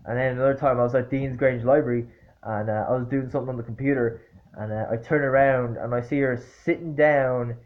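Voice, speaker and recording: A man vlogs a story at medium pitch with a steady tone, talking a little fast. He rambles casually through fillers and restarts, blunt and exasperated as he swears through the retelling. The recording is dull and lo-fi.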